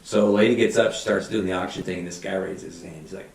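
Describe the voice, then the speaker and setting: Deep-voiced man telling stories, roomy sound. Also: quick pace, creaky. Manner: rambling, animated anecdotes with voiced quotes. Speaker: guest, fire battalion chief and woodworker. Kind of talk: casual storytelling interview. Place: podcast studio. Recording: roomy, somewhat distant mic.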